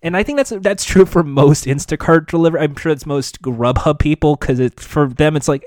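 A man talks in a loose, rambling way, full of restarts and fillers. His voice sits a little high, and the recording is dry and close with almost no room sound. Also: a little fast, hardly any pauses, a little mellow, no echo. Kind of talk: casual podcast chat.

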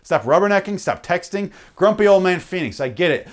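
A man's voice: sits high, brisk. A man hosting a podcast, ranting comedically and profanely and acting out little bits. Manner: profane, animated, acts out bits. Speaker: podcast host. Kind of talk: comedic solo rant.

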